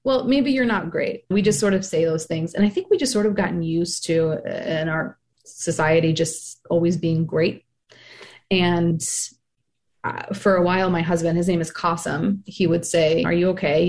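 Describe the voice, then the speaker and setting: Woman, 30s, podcast guest, frank, earnest, lowish voice. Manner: earnest, frank, animated when quoting others. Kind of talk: candid personal storytelling.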